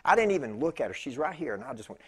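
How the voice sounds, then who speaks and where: A man preaching in church, telling a personal story in a chatty, animated way with laughing asides to the congregation. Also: mid-range voice, rapid-fire, slightly rough. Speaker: pastor. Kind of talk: storytelling sermon. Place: church sanctuary.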